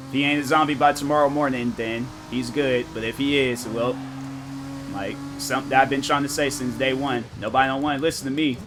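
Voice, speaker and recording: A young man streaming games, chatting casually with his viewers and telling animated, slang-filled stories. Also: medium pitch, brisk, background noise. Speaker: gaming streamer.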